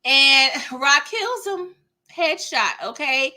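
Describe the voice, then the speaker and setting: Woman host, live episode recap; bright, slightly high voice; animated and laughing. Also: takes it slowly. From California. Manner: animated, laughing, acts out characters mid-story.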